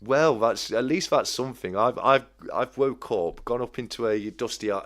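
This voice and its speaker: A man hosting a casual live-stream chat, reading out viewer comments in a friendly, halting way with many restarts. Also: medium pitch, a bit bright. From United Kingdom. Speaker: livestream host.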